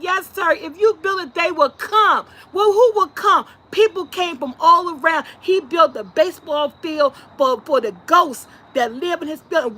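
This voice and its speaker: Woman, live-stream host, lively chat, bright voice. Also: very high voice. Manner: lively, laughs often, talks to chat. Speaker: vlog host.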